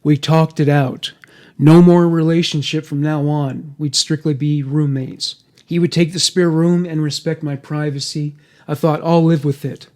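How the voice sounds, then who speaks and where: A man narrating a first-person true-crime account in a steady, even reading voice. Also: a little high, measured pace.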